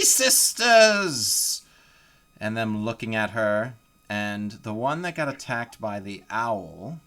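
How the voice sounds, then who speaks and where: A man's voice: on the low side, a bit bright. A man running a live tabletop game as game master, narrating in a casual, rambling way full of fillers.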